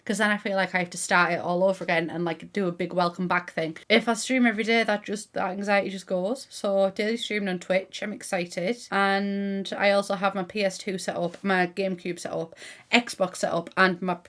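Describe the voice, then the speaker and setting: A woman's voice: mid-range voice, fairly even intonation, a little fast, fairly bright tone. A young woman from Middlesbrough with a Teesside accent, chatting casually to camera as a gaming YouTuber, rambling with restarts and local slang. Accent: Teesside English. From Middlesbrough, England.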